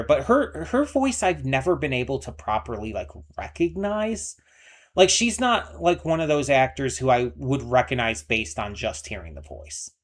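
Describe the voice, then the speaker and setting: A man hosting a reaction video, talking casually and rambling with lots of fillers and restarts. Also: medium pitch. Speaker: reaction channel host.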